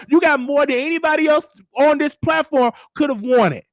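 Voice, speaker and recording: A man's voice: very high-pitched, moderate pace, dry recording. A man who hosts and does comedy, talking casually and sassily to his live-stream viewers, often checking in with "okay?". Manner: sassy, addresses viewers as baby and checks in with okay. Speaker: host and comedian.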